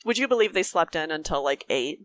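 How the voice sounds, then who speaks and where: A woman's voice: low voice, animated, brisk. A woman in her thirties, chatting as a guest in a casual conversation and laughing often.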